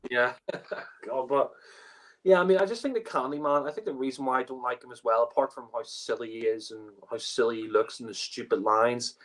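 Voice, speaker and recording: Brisk and medium-pitched, this male podcast co-host rambles casually about a TV story. Fillers are everywhere, and he laughs and swears along the way.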